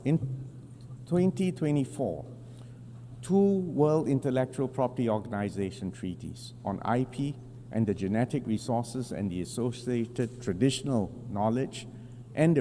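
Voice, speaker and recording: A man delivering a formal prepared speech as a government delegate at an assembly podium, measured and deliberate with emphatic pauses. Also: medium pitch, warm tone. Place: large assembly hall. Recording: long reverb of a large hall, faint hum.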